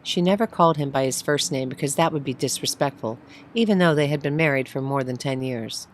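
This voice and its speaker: A woman narrating a short story, reading in measured, phrase-by-phrase delivery. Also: a bass voice, slight background noise. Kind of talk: read-aloud short story.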